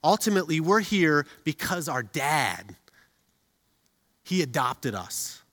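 A middle-aged man preaching a sermon as a pastor, telling stories with humor and animated delivery. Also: on the high side, slow. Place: church auditorium. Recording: reverberant hall.

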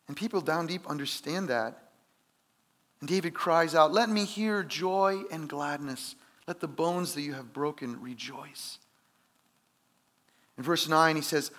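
A man's voice: on the high side, a bit bright. A man preaching a sermon in an earnest, conversational way, with emphatic rises. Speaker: pastor.

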